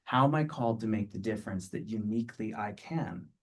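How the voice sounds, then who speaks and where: A man's voice: fairly low pitch, lively intonation, fairly quick, recorded from a distance. A man giving a conversational spiritual talk to a live audience, playful and earnest, often checking in with a rhetorical "right?".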